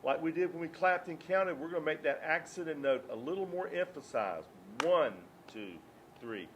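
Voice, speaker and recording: A man with a slightly high voice leads a beginner clarinet lesson. He counts beats and explains each step in a patient, steady way. A faint hum of room ambience sits behind him. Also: a little fast, highs cut off. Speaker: clarinet teacher. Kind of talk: instructional music lesson.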